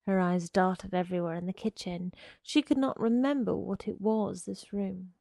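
A woman reading a short story aloud in a measured, unhurried way. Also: medium pitch, fairly even intonation, creaky, warm tone, no echo. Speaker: reader.

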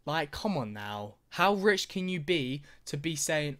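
A man's voice: a little high, very animated, unhurried, few pauses, fairly bright tone. A young man ranting through a reaction video, swearing constantly and mocking what he sees.

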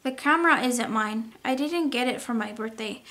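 Woman playing a little storybook girl, high and childlike, bright delivery. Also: moderate pace. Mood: small, sorry. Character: small girl who loves tiny things.

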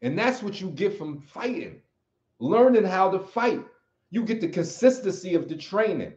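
An American man with a high-pitched, sing-song, slightly mellow voice speaks at a moderate pace. He's a livestream host and martial arts teacher delivering an emphatic, preachy motivational talk, pounding on key phrases again and again. The audio sounds roomy and a bit dull.

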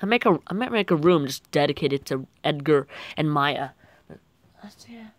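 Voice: mid-range voice, lively intonation, normal speed, no room sound. A young gaming video creator giving rambling, jokey gameplay commentary.

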